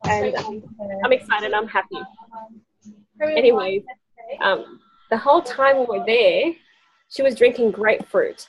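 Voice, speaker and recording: A woman's voice: on the high side, unhurried, pauses often, slightly rough, low-quality recording. A woman presenting essential oils to a small group, chatty and often laughing. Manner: chatty, laughing often, acts out quoted voices. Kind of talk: casual workshop talk to a group.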